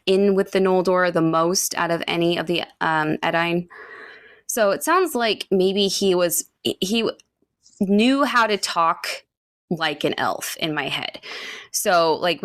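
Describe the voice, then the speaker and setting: Slow, gravelly-voiced woman podcaster. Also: medium pitch, a bit bright, dry recording, studio quality. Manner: chatty, many fillers, laughs often. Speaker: podcast co-host. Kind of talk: casual book discussion, reading quotes aloud.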